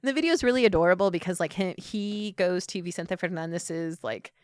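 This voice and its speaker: Brief: young woman, podcast guest, animated storyteller, filler-heavy, dry close mic. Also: lowish voice, brisk, smooth, no room sound. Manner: animated storyteller, acts out quotes in voices; many fillers like "like" and "you know". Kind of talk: casual chat.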